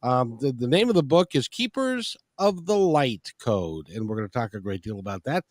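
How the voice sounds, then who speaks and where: A man hosts a radio interview with a folksy, rambling delivery full of restarts. His pitch jumps around animatedly, and the sound is dry and close. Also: very animated, moderate pace, no room sound. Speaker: radio show host. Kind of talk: casual interview chat.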